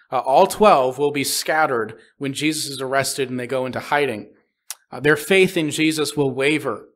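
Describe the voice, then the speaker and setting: A male pastor delivers a sermon in a slightly higher voice, pausing often on "uh" as he walks through scripture. He explains points patiently and plainly. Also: a bit bright. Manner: explains Greek wording plainly, frequent "uh" fillers. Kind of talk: expository sermon. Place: church sanctuary.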